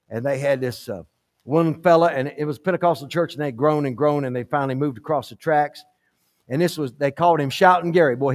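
A man preaching a fiery sermon to his church, urging the congregation on with repeated calls that swing from hushed storytelling to shouts. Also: fairly high pitch. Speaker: pastor. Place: church sanctuary, live service.

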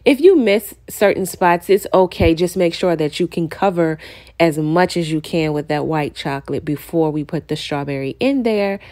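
A woman narrating her baking tutorial in a casual, chatty voice-over, talking straight to her viewers and getting excited. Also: low-pitched, moderate pace.

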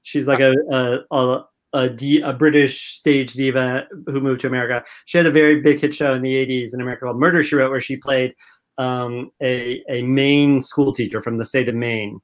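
A man's voice: mid-range voice, steady tone, brisk. A man co-hosting a casual interview, chatty and trailing off with fillers.

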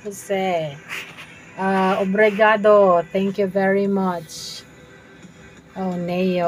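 A woman's voice: mid-range voice, level tone, very slow, soft background music, poor audio. A woman streaming a game from her room at home, chatting with viewers and laughing often. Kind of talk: live gameplay stream chat.

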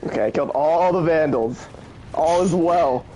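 A man's voice: fairly high pitch, moderate pace, mellow, slight background noise, rough recording. A young man streaming a game, teasing his friend and calling out game terms in casual chat.

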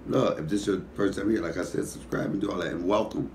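A man's voice: low-pitched, fast, few pauses, darkish tone, a little hiss or hum. A middle-aged man with a Detroit accent, a comedian hosting his cooking show, rambling sleepily with profane comic stories. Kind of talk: casual talk to camera.

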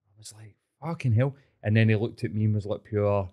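A man's voice: on the low side, a little fast. Sweary Glaswegian man telling stories. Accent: Glaswegian Scottish. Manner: sweary, animated storytelling. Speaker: podcast host. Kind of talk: casual chat.

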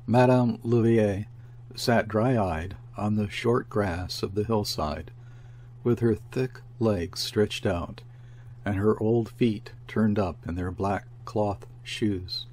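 A man narrating a classic literary story aloud in a measured, deliberate way. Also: fairly low pitch, a little mellow. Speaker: audiobook narrator. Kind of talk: literary audiobook reading.

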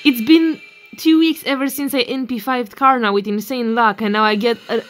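A woman streamer casually commenting on her game pulls, excitable and swearing freely when surprised. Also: fairly high pitch, fairly quick, slight background noise. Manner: excitable, swears and shouts in disbelief. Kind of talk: casual commentary while playing. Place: bedroom.

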